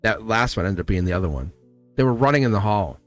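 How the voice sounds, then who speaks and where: A middle-aged man hosting a live tarot reading, rambling and upbeat, his voice hoarse and cracking. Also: fairly low pitch, animated, fast, no room sound, soft background music. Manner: rambling, upbeat, repeats himself. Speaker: tarot reader and host.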